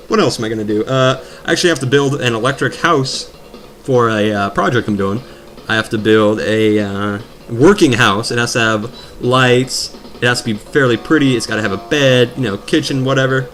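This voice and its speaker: A man's voice: mid-range voice, animated, a little fast, fairly bright tone. A man rambling and joking as he commentates his own gameplay, drifting from topic to topic. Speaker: let's play commentator. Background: video game music.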